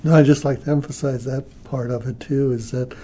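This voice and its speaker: Mellow hesitant man on a panel. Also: mid-range voice, steady tone, fairly quick, slightly rough. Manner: hesitant, repeats words. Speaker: panel guest. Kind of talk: casual discussion.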